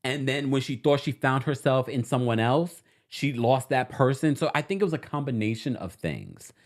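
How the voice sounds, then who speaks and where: Chatty male recap host from New York, animated, expressive delivery, reads viewer comments. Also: medium pitch, normal speed. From New York City. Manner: animated and chatty, laughing often. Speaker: host of a reality TV recap show. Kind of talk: casual livestream chat, reading viewer comments.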